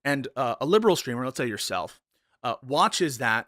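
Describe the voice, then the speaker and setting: Bright, halting debating man. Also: mid-range voice, very animated, dry recording, studio quality. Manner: hesitant, many restarts and fillers, argumentative. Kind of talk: live online debate.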